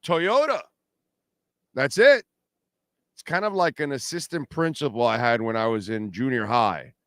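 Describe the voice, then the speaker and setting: A man's voice: mid-range voice, moderate pace, fairly bright tone, clear, resonant tone, no echo, clean studio sound. Brash middle-aged man hosting a sports show. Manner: brash, trash-talking, reads sponsor plugs and super chats. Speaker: sports talk show host. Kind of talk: casual postgame livestream talk.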